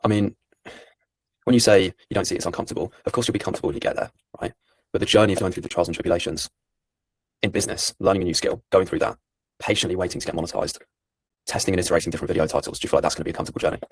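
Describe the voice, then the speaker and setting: A man in his early twenties working as a sales closer, calm and persistent, answering with more questions. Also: deep voice, very fast, dry recording. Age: 20s. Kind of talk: sales call conversation.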